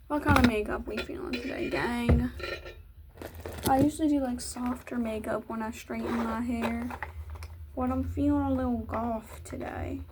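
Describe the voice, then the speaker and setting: A woman's voice: fairly high pitch, steady tone, normal speed, very noisy. Chatty young woman, rambling vlog talk. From Virginia, US. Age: young adult. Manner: rambling, self-mocking, chatty. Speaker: vlogger. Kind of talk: casual get-ready-with-me chat.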